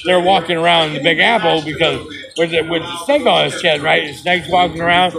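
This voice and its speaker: High gravelly man rambling excitedly. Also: a little fast, a crowd in the background, rough recording. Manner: excited, rambling, keeps asking "right?". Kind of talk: rambling comedic monologue.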